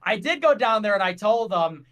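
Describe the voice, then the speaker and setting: A man on a livestream, telling animated stories and acting out the conversations he had. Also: high-pitched, moderate pace. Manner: animated storyteller, acts out conversations. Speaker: guest on a livestream. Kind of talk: casual livestream chat.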